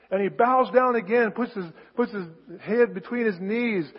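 A husky, fairly high-voiced man preaches to his congregation, acting out scripture scenes in a casual, conversational way. His voice rings through a church sanctuary with a long reverb, and the recording sounds a little dull. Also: brisk, few pauses. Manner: conversational preaching, acts out biblical dialogue with rising intensity. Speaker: pastor. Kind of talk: sermon.

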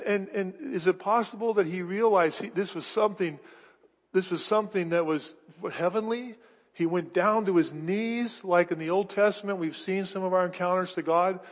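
Man preaching a sermon in a reverberant hall. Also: high voice. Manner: emphatic, with many restarts. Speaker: pastor. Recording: dull, echoey hall recording.

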